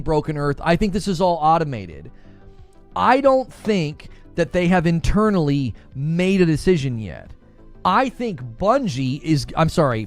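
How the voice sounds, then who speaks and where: A middle-aged man hosts a casual gaming livestream, answering viewer comments and chuckling as he goes. His voice sits a touch high for a man and swings lively up and down. Faint music plays underneath. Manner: animated, conversational, chuckles often.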